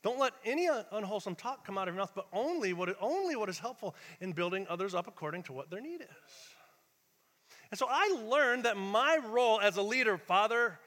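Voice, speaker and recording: A man pastor preaching a Sunday sermon, animated and conversational, acting out the voices he quotes and swinging from loud bursts to hushed asides. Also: high voice, fairly quick, in a large hall.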